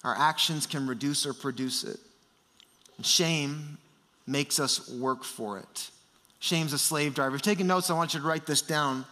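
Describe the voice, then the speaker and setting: A man's voice: fairly high pitch, normal speed, sharp tone. A man in his thirties preaching an earnest sermon, building emphasis through repeated phrases. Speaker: pastor.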